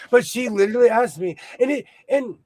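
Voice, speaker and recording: A man hosting a casual sewing show chat, telling jokey stories in an animated way. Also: extremely high pitch, no room sound. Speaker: host.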